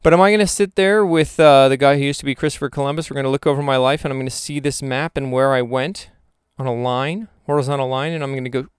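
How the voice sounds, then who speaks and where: A man's voice: medium pitch, fairly even intonation, fast, clear, resonant tone, no echo, clean studio sound. A young man rambling through a reflective vlog monologue, questioning himself aloud with jokey asides. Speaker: vlogger.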